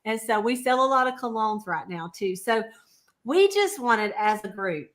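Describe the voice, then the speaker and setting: On a relaxed livestream video call, a woman who works as a sales consultant tells stories about customers and laughs a lot. She talks at a normal speed in a fairly high, animated voice.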